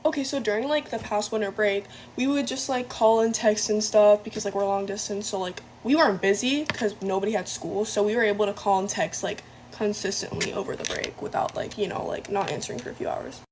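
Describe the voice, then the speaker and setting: A woman's voice: medium pitch, brisk, hardly any pauses, darkish tone, slight background noise, rough recording. A young woman telling a casual storytime in a rambling way, full of fillers. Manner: rambling, filler-heavy, asks for opinions.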